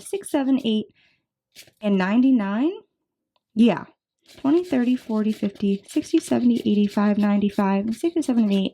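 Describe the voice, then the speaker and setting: A woman's voice: a little high, dark tone. Chatty young woman counting cash aloud. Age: 20s. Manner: chatty, counts bills aloud in quick runs. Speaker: budgeting vlogger. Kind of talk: casual chat while counting cash.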